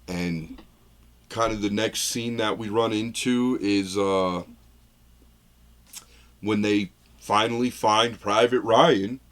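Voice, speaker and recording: A man's voice: fairly low pitch, steady tone, slow pace, pauses often. A man co-hosting a film review podcast, talking in a loose, rambling way, acting out lines he retells and laughing at his own jokes. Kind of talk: casual chat.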